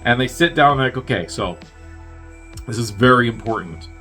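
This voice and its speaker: A man's voice: lively intonation, fairly quick, bright, forceful tone, soft background music. A man casually recapping a film's plot in a rambling way, acting out the characters' lines in bursts. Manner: rambling, acts out characters' lines with jumps in pitch. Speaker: podcast host reviewing a film.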